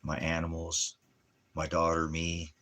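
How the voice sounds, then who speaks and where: A man's voice: sits low, completely flat delivery, measured pace, sharp tone. A man at home talking bitterly in a casual monologue, then doting on his dog. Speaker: father and dog owner. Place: at home indoors.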